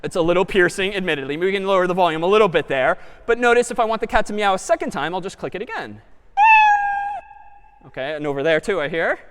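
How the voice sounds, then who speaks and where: A man's voice: high-pitched, fast, slight background noise. A man giving a live computer science lecture, thinking aloud as he works through a demo. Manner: lively and animated, thinking aloud. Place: large lecture hall. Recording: lecture hall with long reverb.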